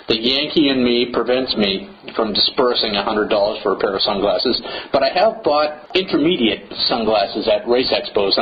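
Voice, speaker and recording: A man hosting a running podcast on his own, talking in a playful, theatrical and wordy way, from New England in the United States. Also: fairly low pitch. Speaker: podcast host. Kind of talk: solo podcast monologue. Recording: slightly dull, faint hiss.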